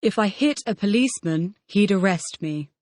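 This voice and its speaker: A woman's voice: medium pitch, animated, normal speed, a little mellow, dry recording, clean studio sound. A woman reading the model answers in a scripted audio language lesson, repeating each question as a full-sentence answer. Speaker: model student answering drills.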